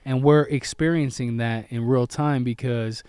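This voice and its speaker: A calm young man talks in casual chat, setting out his points carefully and at length. His voice is smooth and clear, with a pitch in the middle for a man. The recording is dry and close. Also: a little slow, no room sound. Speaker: co-host of a couple's channel.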